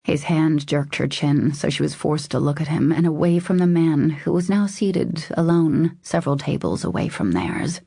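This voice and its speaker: A woman narrating a romance audiobook in a steady, measured reading style. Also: low voice, vocal fry, slightly rough, dry recording, clean studio sound. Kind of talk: scripted narration.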